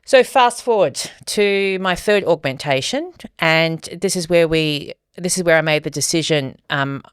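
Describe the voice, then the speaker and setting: A woman co-hosting a podcast, telling a candid personal story in casual chat and getting animated when she quotes other people. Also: deep voice, measured pace, clean tone, dry recording, clean studio sound. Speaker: podcast co-host.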